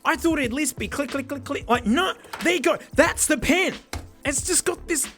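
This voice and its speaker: A man with a raspy, hoarse voice, unboxing a gadget in an excitable, mock-dramatic way. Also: very high voice, normal speed, soft background music. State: hoarse from yelling. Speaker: tech reviewer host. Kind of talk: casual gadget unboxing review.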